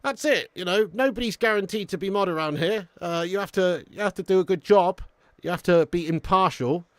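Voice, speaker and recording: A man hosts a live football watch-along, his voice sitting slightly high. He talks in quick, excitable banter and laughs often as he answers chat. The sound is dry and close. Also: no room sound. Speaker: live stream host watching a football match.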